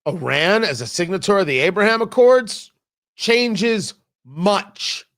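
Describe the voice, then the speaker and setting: A man's voice: high-pitched, unhurried, fairly bright tone. A man hosting a talk show, giving an opinionated and emphatic political commentary monologue with a mocking edge at times.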